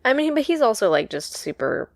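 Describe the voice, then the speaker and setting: A very animated woman with a fairly high-pitched voice talks briskly while co-hosting a podcast. Her casual chat rambles with lots of fillers, and there's no room sound.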